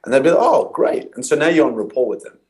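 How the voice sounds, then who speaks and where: A man's voice: mid-range voice, animated, racing, a little mellow, rough recording. A man, a guest in an interview, telling stories and acting out past conversations. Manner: storytelling, acts out his own past dialogue. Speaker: guest copywriter.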